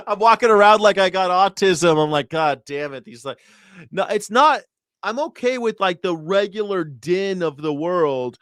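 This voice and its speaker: A man hosts a live news reaction show, his voice sitting a touch higher than most men's. He rants loudly and profanely and acts out bells and shouting to make his points. The recording is dry and close, with no room sound. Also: animated, unhurried, clear, resonant tone, no echo. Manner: loud, sweary, mimics bells and shouting.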